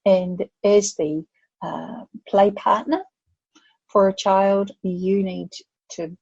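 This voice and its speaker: A grandmotherly older woman with a gravelly, husky voice tells stories in an animated way, slipping into playful voices. The sound is dry and a little dull. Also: mid-range voice, slow pace, no room sound. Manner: animated storytelling, acts out voices. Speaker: guest expert. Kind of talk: podcast conversation.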